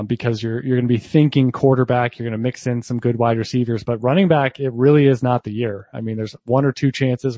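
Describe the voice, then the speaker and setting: On a fantasy football show, this co-host talks freely and casually, often restarting his sentences and leaning on filler words. He has a darkish mid-range voice, recorded without echo.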